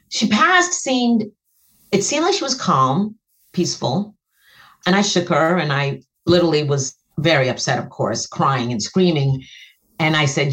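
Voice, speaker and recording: A middle-aged woman, a guest and author, earnestly telling an emotional personal story, her voice jumping high when she relives moments. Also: big pitch swings, a little slow, a bit bright.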